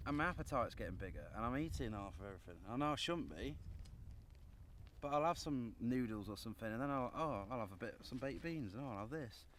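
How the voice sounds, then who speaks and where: A man's voice: medium pitch, a bit bright, a little hiss or hum, lightly acted. A man playing a swearing loner in the wild. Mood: frustrated. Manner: swearing constantly, rambling and grumbling. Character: foul-mouthed, worn-down man surviving alone in the wild. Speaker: survivalist living rough. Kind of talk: improvised mockumentary acting.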